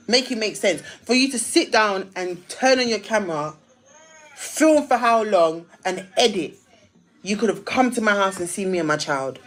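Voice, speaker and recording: A woman's voice: mid-range voice, lively intonation, moderate pace, a bit bright. Ranting woman on a livestream. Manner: emphatic, repetitive, ranting. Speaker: live streamer. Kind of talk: heated live-stream rant.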